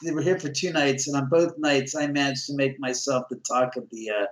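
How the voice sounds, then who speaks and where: A man talking as a guest on a show, telling a lively story and acting out the dialogue. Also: medium pitch, brisk. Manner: lively, acts out quoted dialogue, chuckles often. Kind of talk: animated anecdote telling. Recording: roomy echo.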